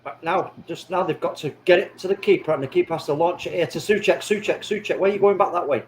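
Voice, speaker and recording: A man's voice: high voice, fast talker, slight background noise. A man chatting casually and crudely during a live football watchalong, urging the players on and joking.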